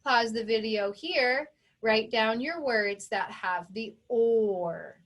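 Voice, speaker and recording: A woman teaching a phonics lesson to young children, who sounds out each sound and syllable with slow, careful emphasis. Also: fairly high pitch, a bit bright. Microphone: recorded for an online video lesson.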